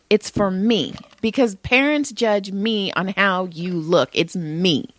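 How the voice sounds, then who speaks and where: A woman's voice: mid-range voice, moderate pace, few pauses, no room sound. A middle-aged woman co-hosting a podcast, telling family stories in casual chat, acting out voices and swearing freely. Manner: animated storytelling, acts out voices, swears. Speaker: podcast co-host.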